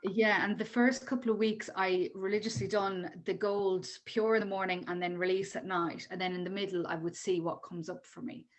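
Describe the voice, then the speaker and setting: A woman's voice: mid-range voice, steady tone, normal speed, hardly any pauses. A woman chatting casually in a group, rambling and informal as she shares her experience.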